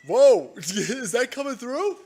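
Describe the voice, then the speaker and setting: A man's voice: very high-pitched, very animated, slow, darkish tone. A man hosting a casual live-stream show from home, rambling loosely with crude jokes and frequent laughter. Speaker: livestream show host.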